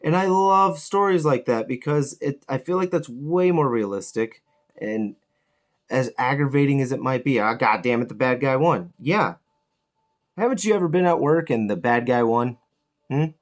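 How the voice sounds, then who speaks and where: A man hosting a miniature painting channel, chatting casually as he paints and ranting with lots of swearing and animated outbursts. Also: medium pitch, normal speed. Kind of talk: casual chat while painting.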